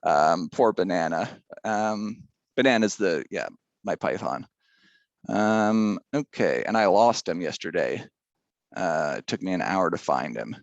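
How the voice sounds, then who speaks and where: A man's voice: low voice, lively intonation, unhurried, vocal fry, no echo, dull audio. A male teacher giving a casual math lesson, chatty and rambling, drifting into side stories.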